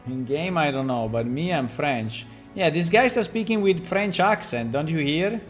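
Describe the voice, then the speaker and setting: A man who develops a game, chatting casually and thinking aloud on a stream, amused and relaxed. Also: fairly high pitch, normal speed, soft background music.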